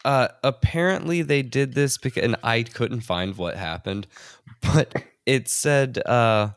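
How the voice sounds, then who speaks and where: A man's voice: on the low side, dry recording, studio quality. A man co-hosting a casual podcast chat, rambling through stories with fillers and laughs. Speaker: podcast co-host.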